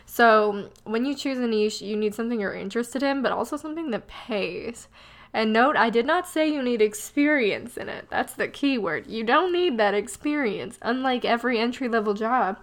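A young woman hosting a podcast, chatting casually and joking at her own expense, her voice nasal and stuffed up from a cold. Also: a little high. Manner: chatty and self-deprecating, laughs often. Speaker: podcast host. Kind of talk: casual solo podcast chat.

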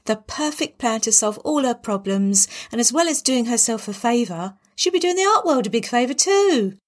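A woman reads a darkly comic tale aloud. Her delivery is wry and dramatic, and her voice sits on the higher side. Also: lively intonation, moderate pace. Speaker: storyteller. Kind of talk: storybook narration.

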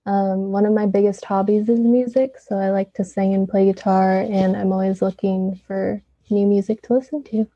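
A woman's voice: medium pitch, little pitch movement, normal speed, few pauses, slightly rough, no room sound. A young adult woman, a student, introducing herself on a podcast panel with light "um" fillers. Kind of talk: casual self-introduction. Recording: dull, dry lo-fi audio.

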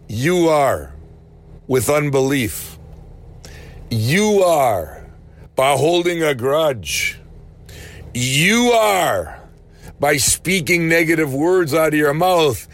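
Preacher guy, higher voice, really swoops around, takes his time, gets shouty. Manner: animated preaching, rising to shouts, slowing for emphasis. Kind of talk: sermon.

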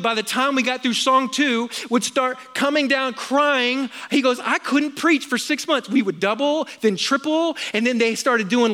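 High, bright-voiced preacher. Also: male voice. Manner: energetic storytelling, acts out quoted dialogue. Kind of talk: sermon.

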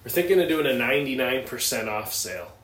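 A man co-hosting a podcast in casual chat, joking with deadpan banter. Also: medium pitch, quick pace, a little hiss or hum. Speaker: podcast co-host. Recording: roomy with faint ambience.

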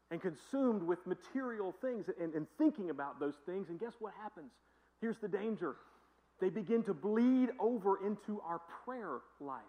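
Male preacher, high voice, chatty, repeats for emphasis, muffled lo-fi sound. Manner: conversational, repetitive, emphatic, joking asides. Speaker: pastor. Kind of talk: sermon.

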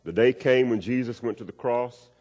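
Preacher telling a story in a reverberant hall. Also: male voice, moderate pace. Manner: storytelling with acted-out voices, wide swings in pitch and loudness. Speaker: pastor. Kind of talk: sermon.

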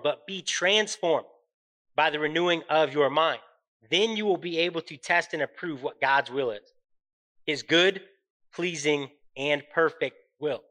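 A man's voice: a little high, pushed and bright, low-quality recording. A man in his thirties hosting a faith-based motivational podcast, speaking in an earnest, encouraging way and often checking in with "right?". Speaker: podcast host.

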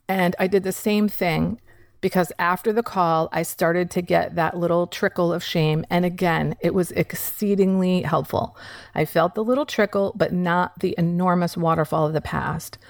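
A woman telling a personal recovery story in a candid monologue, swearing casually and shifting between quick recounting and slow emphasis. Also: fairly low pitch, no room sound, studio quality.

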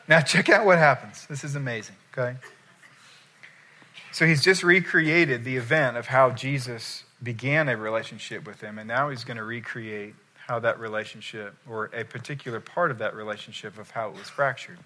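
Male preacher, bright forward voice, acts out scenes as he tells them. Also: a little high, normal speed. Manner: animated storytelling, acting out quoted voices. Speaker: pastor. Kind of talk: sermon.

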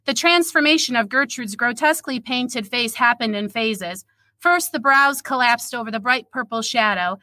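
A woman writer who reads her story and then chats in a quick, modest way, laughing often. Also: a little high, sharp tone, dry recording. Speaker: writer sharing a sprint. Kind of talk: reading her story, then casual chat.

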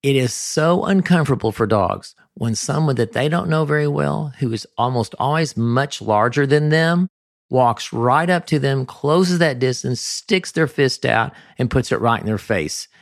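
Man, podcast host, dog-training advice, emphatic, medium pitch, dry close sound. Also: animated, measured pace, gravelly, no room sound. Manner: emphatic, ranting at times. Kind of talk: advice monologue.

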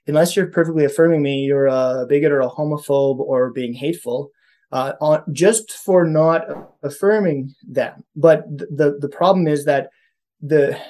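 A Canadian man with a fairly high pitch and darkish tone talks earnestly in a casual podcast chat about faith. He thinks aloud and keeps restarting his sentences.

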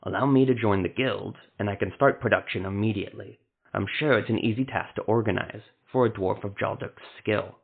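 A man voicing a wary male craftsman who talks in a hushed, careful way. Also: fairly low pitch, a little fast, gravelly, slightly rough. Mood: bargaining. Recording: phone-like narrow sound.

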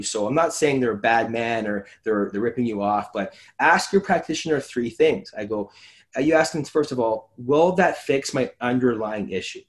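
A man, a physiotherapist hosting a casual podcast chat, animated and acting out his talks with patients. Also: medium pitch. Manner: animated, acts out conversations with patients.

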